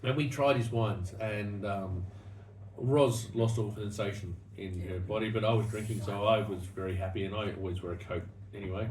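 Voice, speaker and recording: An Australian man hosts a relaxed wine-tasting chat, circling back and restarting as he talks. He sounds distant from the mic, in an echoey room with steady background noise and clicks. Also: mid-range voice. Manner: rambling storyteller with many restarts. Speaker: wine show host.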